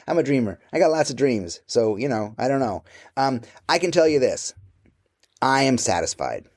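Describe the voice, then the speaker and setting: A man's voice: medium pitch, big pitch swings, moderate pace, darkish tone. A middle-aged man answering interview questions about his life and work, candid, blunt and profane.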